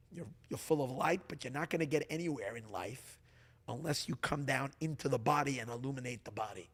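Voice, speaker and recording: A man, a rabbi, teaching a lively Torah class, sometimes voicing the body and Earth, swinging from hushed to loud. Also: medium pitch. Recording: long hall reverb.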